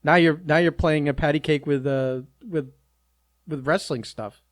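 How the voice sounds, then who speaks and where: Teasing man with a slightly high voice. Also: fairly even intonation, normal speed, no room sound, clean studio sound. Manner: teasing, laughs at his co-host. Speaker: podcast co-host. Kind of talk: casual podcast chat.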